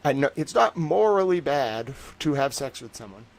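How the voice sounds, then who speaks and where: A man's voice: mid-range voice, very animated, normal speed, creaky. Rambling joking livestream man. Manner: rambling and joking, full of "like" fillers. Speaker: livestream host. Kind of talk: casual livestream commentary.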